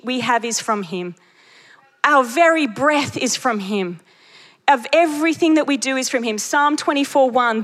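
A woman preacher delivering a sermon, telling stories with lively energy and laughing at her own jokes. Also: high voice. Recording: long reverb of a large hall.

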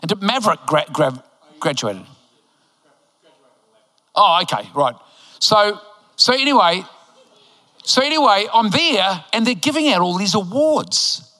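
A bright, high-pitched older man preaching in a church auditorium, from New Zealand. He delivers his sermon in an emphatic, animated way with playful joking asides. His voice rings out with long hall reverb. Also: measured pace, pauses often. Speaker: pastor.

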